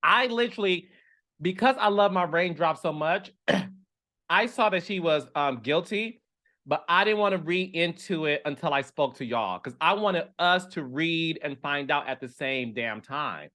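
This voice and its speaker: A man hosting a reality TV commentary show, talking in an animated, chatty way with dramatic asides. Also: fairly high pitch, unhurried. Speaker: reality TV commentator and podcast host. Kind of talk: casual chat.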